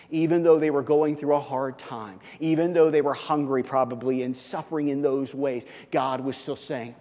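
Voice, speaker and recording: A male pastor preaching a sermon, moving from loud, punchy emphasis to quiet, earnest intensity. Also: mid-range voice. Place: church sanctuary. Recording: long church reverb.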